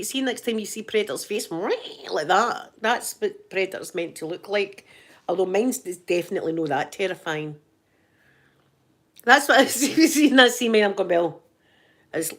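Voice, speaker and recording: A Scottish woman hosting an ASMR channel, chatting casually with live viewers in a giggly, joking, rambling way. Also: fairly low pitch.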